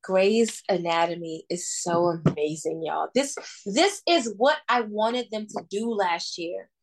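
A woman's voice: medium pitch, a little slow, a little hiss or hum. A woman co-hosting a podcast in casual chat, talking with enthusiasm and casual swearing. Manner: enthusiastic, chatty, profane. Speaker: podcast co-host.

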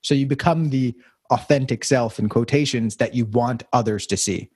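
A man's voice: mid-range voice, normal speed, a little mellow, husky, dry recording, studio quality. A young man talking through his thoughts in a casual conversation, rambling and reflective with many fillers and restarts.

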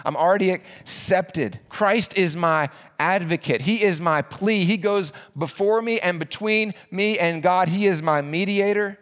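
A man preaching a sermon as pastor, earnest, slowing down to repeat key phrases for emphasis. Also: medium pitch, clean tone.

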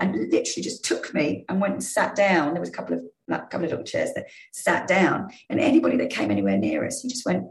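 A woman in her fifties from England, a former rugby player and sports journalist, telling lively anecdotes in a casual interview. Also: lowish voice, fast, vocal fry, echoey room, poor audio. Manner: lively storytelling with restarts.

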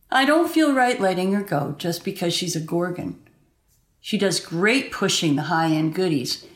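A woman hosting a comedy show, delivering a scripted monologue in a chatty, animated manner. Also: mid-range voice. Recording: echoey room.

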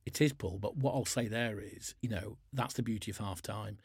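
A man's voice: lowish voice, normal speed, creaky, husky, no echo, clean studio sound. A man, chairman of a business, talking casually on a podcast, telling sports stories and often restarting his sentences. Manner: chatty, restarts a lot, uses sports stories.

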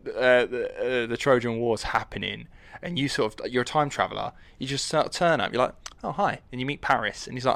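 A man's voice: mid-range voice, fairly quick, gravelly, hardly any pauses, a bit bright, no room sound. A young man co-hosting a podcast in casual, jokey chat, rambling and acting out quoted lines. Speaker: podcast co-host.

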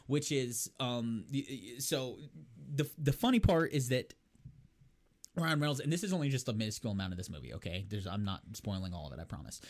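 Animated man retelling a movie. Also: medium pitch, a little fast. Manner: rambling storytelling, profane, laughing at own jokes. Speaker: podcast co-host. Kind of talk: casual chat.

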